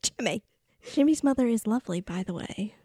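A woman co-hosting a movie podcast, her voice fairly high and swinging widely as she riffs and giggles. The sound is close and dry, with no room around it. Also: moderate pace, no echo. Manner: giggly, lively, riffing. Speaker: podcast co-host. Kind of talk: casual movie chat.

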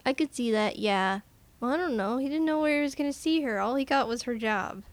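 A woman's voice: a little high, brisk, dry recording. A woman co-hosting a podcast in casual chat, recapping a film and acting out the characters' lines. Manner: animated, acts out characters' lines. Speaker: podcast co-host.

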